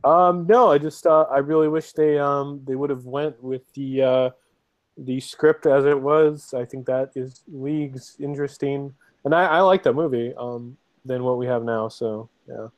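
A man with a mid-range voice talks hesitantly in a casual podcast chat, pausing on fillers. The recording is dry and close. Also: medium pitch, fairly even intonation, no echo. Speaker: podcast co-host.

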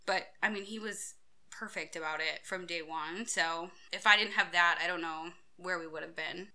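A woman in her thirties with a bright, forward tone tells her own story in an interview. She speaks candidly and acts out the other people in it, sometimes jumping suddenly loud and high. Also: fairly quick. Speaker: mother telling her story.

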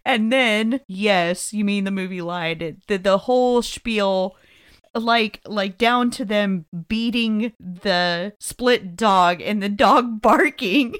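A woman co-hosting a podcast in casual, quick banter, laughing often between her lines. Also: mid-range voice, a bit bright, smooth. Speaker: podcast co-host. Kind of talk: casual chat.

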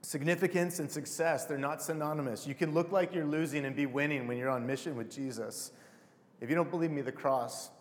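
Man preaching, casual and emotional, slightly high voice, long hall reverb. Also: steady tone, a little fast. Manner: casual, emotional, addresses crowd as "you guys". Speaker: pastor. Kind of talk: sermon.

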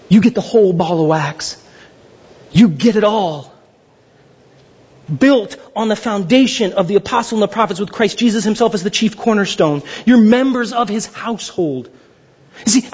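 Young male pastor, lively storytelling sermon, raspy tone, muffled church recording. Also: high-pitched. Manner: conversational storytelling, lively and self-deprecating. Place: church sanctuary. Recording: dull lo-fi sound.

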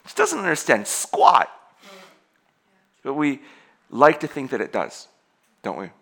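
Forceful, bright-voiced preaching man. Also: a little high, takes it slowly, vocal fry. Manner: animated, laughing, stumbling restarts. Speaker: pastor. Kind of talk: sermon.

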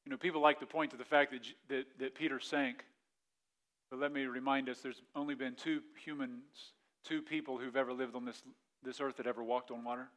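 A male pastor preaching a sermon, telling the story with lively acted-out panic and dropping to quiet, reflective asides. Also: medium pitch, a little fast. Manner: animated storytelling, acts out the disciples' panic in a raised voice; drops to a quiet, soft delivery for reflective points.

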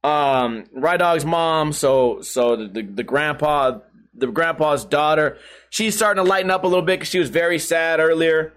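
A man's voice: on the high side, moderate pace, fairly bright tone. A man hosting a podcast, telling a story in a casual, profane way and laughing often. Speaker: podcast host.

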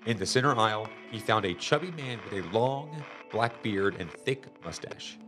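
A man reading a children's chapter book aloud in a lively, expressive storytelling manner. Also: on the low side, normal speed. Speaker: storybook reader. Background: music.

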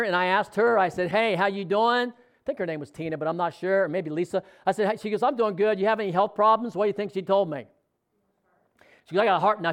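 Preacher, male, high-pitched, animated storyteller voicing quoted lines, casual sermon delivery. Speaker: pastor.

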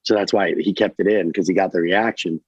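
A man from Delaware, a guest actor in a casual podcast chat, rambling and animated with lots of fillers. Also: low-pitched, brisk, no echo, dull audio. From Delaware, USA.

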